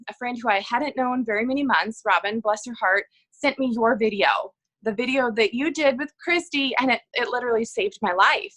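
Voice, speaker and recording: A woman in her thirties speaks in a slightly raised register, earnest and a little halting as she pauses and restarts. She talks in a relaxed, conversational interview style. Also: fairly high pitch, low-quality recording. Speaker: guest sharing her health story.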